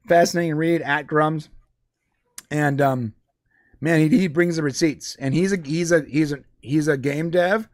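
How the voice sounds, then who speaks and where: A man's voice: on the high side, no room sound, clean studio sound. A man co-hosting a live podcast, talking casually with frequent restarts and fillers. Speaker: podcast co-host. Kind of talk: casual live-stream chat.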